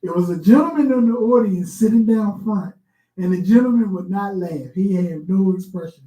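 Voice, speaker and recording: A woman co-hosting a casual talk radio show, who tells stories in an animated, laughing way. Her voice is warm and dark. An echoey room surrounds her. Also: mid-range voice, moderate pace.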